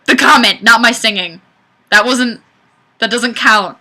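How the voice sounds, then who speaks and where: A woman's voice: on the high side, pushed and bright. A woman hosting a webcam livestream, reading viewer comments in a chatty, self-deprecating way. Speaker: livestream host. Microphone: webcam mic.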